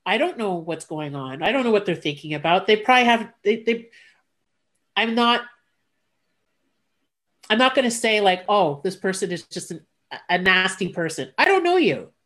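A woman's voice: medium pitch, moderate pace, long pauses. Candid chatty woman telling a story. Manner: candid, animated retelling with quoted voices, blunt. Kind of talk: casual conversation, personal storytelling.

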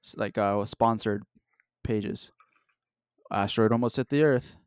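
A man's voice: lowish voice, measured pace, darkish tone, smooth, no echo. A man chatting casually, rambling and joking with loose, profane talk. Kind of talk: casual chat.

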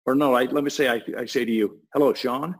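Husky man explaining at length. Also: medium pitch, steady tone, fast, low-quality recording. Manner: rambling, restarts and stumbles often. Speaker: guest explaining a voice technology. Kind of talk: casual explanatory talk.

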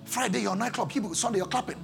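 Nigerian man, pastor preaching a sermon; high gravelly voice, shouts then pleads. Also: very fast, music in the background. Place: church service.

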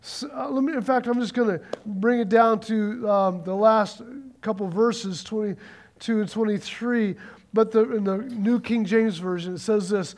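A pastor preaching in a loose, conversational way, with a strikingly high male voice. He talks with animated energy and leads call-and-response with his congregation. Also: moderate pace. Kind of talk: sermon.

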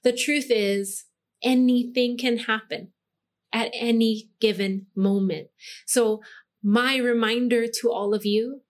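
A woman's voice: fairly high pitch, steady tone, slow. Bubbly woman podcast host from Hawaii. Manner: bubbly, laughs often, many "like" fillers. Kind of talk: casual motivational talk. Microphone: microphone.

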